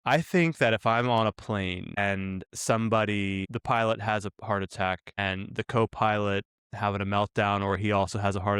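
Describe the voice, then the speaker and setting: Smooth-voiced man co-hosting a podcast. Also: lowish voice, fairly bright tone, dry recording, studio quality. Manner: joking, rambling, laughs often. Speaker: podcast co-host. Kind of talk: casual chat.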